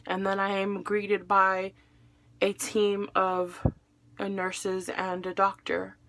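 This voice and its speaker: A woman's voice: mid-range voice, monotone, takes it slowly, noisy background. A young adult woman recounting a painful day in a personal vlog, emotional as she relives events and quotes the people she spoke with. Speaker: widow telling her story.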